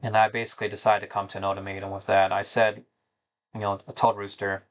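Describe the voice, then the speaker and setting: A man's voice: on the low side, flat delivery, fast talker. A man hosting a gaming channel, talking to his viewers in a rambling, somber and disappointed way, with many fillers and restarts. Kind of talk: casual monologue to viewers.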